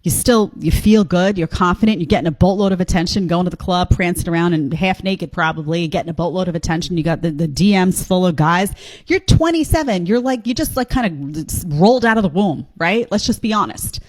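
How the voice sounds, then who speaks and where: A woman's voice: on the low side, lively intonation, fairly quick, darkish tone, dry recording. A woman hosting a reaction video, giving blunt, sarcastic commentary on clips she plays.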